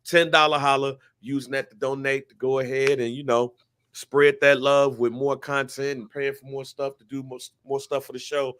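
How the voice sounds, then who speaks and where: A man's voice: mid-range voice, level tone, moderate pace, a bit bright, clean tone, dry recording. A man in his forties co-hosting a sports podcast in loose, joking chat, repeating words for emphasis. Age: 40s. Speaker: podcast co-host. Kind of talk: casual chat.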